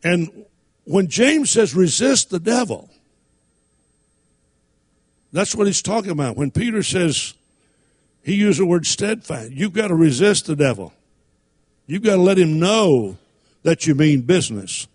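A man preaching with a voice that sits a little high for a man. He reads scripture in King James wording and moves into folksy stories, swinging his pitch up and down as he teaches. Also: very animated, a little slow, long pauses, a little mellow, slightly rough. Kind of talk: sermon.

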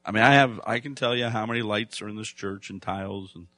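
Male pastor, bright forceful voice, dry close sound, conversational with emphatic swells. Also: lowish voice, quick pace, dry recording, soft background music. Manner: conversational preaching, rising to loud emphatic bursts. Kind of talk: sermon.

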